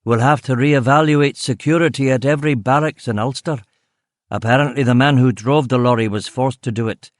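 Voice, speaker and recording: A man's voice: medium pitch, a little fast, dry recording, studio quality, natural voice. A man voicing a grizzled, blunt detective chief of about fifty, with a faint Scottish accent. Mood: gruff, weary. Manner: blunt, gruff, swearing.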